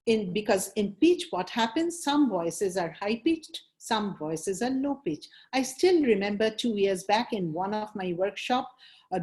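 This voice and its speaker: A woman's voice: medium pitch, a little mellow. A woman with an Indian English accent, an image consultant giving a webinar lecture and acting out example sentences with shifting emphasis.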